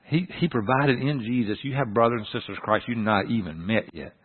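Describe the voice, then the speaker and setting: A male pastor, delivering a folksy, animated sermon with humor in a church. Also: medium pitch, a little fast, breathy edge. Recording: tinny phone-like sound.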